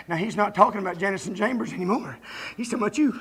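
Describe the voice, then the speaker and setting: A man preaching a revival sermon in a folksy way, breaking into shouts and chuckles. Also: sits high, fast, breathy edge.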